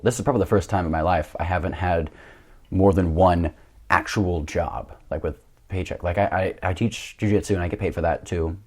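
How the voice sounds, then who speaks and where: A young man, a podcast guest and jiu-jitsu coach, telling stories in a lively, swearing, self-mocking way. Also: sits low. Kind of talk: casual storytelling.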